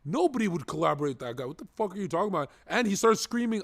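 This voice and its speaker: A man streaming live, reacting to clips with excitable, profane, joking rants. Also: high voice, rapid-fire, dry recording, studio quality.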